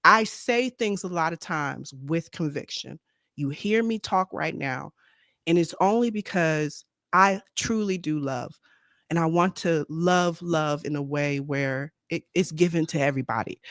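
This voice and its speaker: A woman's voice: on the low side, dry recording, clean studio sound. Blunt, outspoken woman in faith talk. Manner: blunt, outspoken, repeats herself. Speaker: co-host. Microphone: streaming microphone.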